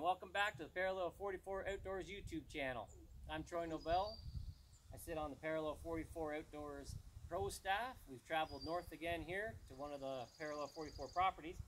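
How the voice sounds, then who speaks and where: A man's voice: a little high, slight background noise. A man on a pro staff giving a casual dog-training lesson outdoors, plain-spoken and often checking in with "okay?". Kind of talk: casual outdoor instructional talk. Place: outdoors on a rural property.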